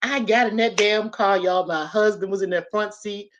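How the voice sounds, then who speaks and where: A woman's voice: medium pitch, normal speed, muffled recording. A woman, telling a personal story and talking straight to her listeners. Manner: animated, talks straight to listeners.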